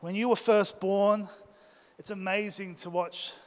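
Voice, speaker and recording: A young man with a high, level voice preaches at a measured pace, sharing a personal story and putting questions to his congregation. He's in a church hall, and the recording carries a long hall reverb.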